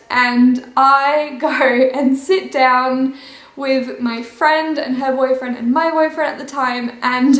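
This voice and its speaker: High-voiced woman telling a story, roomy. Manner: chatty, animated storytelling with laughs. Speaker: vlogger. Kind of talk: casual storytime.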